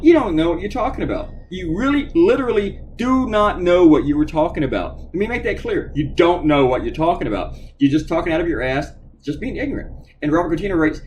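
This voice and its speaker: Profane, animated middle-aged man ranting. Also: high-pitched, quick pace, soft background music, rough recording. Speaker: cartoonist streaming while drawing. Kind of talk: profane live-stream rant.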